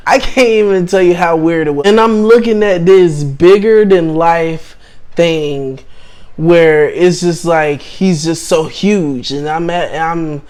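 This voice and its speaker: Young man, casual storytime testimony, slightly higher voice, halting delivery with lots of restarts. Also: clean tone. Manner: hesitant, full of restarts and "like"; shifts between hushed and excited tellings. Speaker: channel host telling his testimony.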